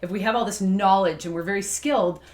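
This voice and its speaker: A woman's voice: medium pitch, fast, darkish tone. A woman who is a professor co-hosting a faith talk show. She explains ideas conversationally and laughs easily. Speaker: apologetics professor and co-host. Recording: roomy echo.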